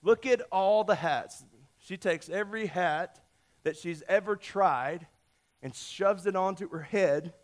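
A man preaching a sermon, telling a story in a playful, lively way with lots of shifts in emphasis. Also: high voice, measured pace. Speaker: pastor.

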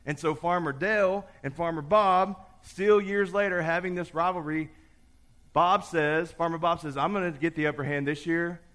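A man preaching a sermon, telling a story with lively voices for the characters before turning to scripture. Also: a little high, normal speed. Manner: animated storyteller, acts out the characters. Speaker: pastor.

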